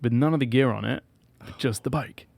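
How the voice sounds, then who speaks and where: A man's voice: medium pitch, a little fast, vocal fry, no room sound. A young man, a podcast guest animatedly telling a story and acting out what others said. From England. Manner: lively storyteller who acts out what others said. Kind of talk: casual storytelling interview.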